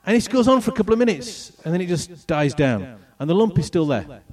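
A middle-aged man from England telling a personal testimony with slides, in an animated storytelling manner. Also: high-pitched, fairly quick, distant mic. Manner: animated storytelling, acts out voices and moments. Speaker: speaker telling his testimony.

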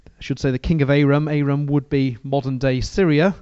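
A man's voice: medium pitch, steady tone, brisk, mellow, clear, resonant tone, no echo, muffled recording. A man preaching a sermon and reading from the Bible, talking in a conversational way with frequent restarts.

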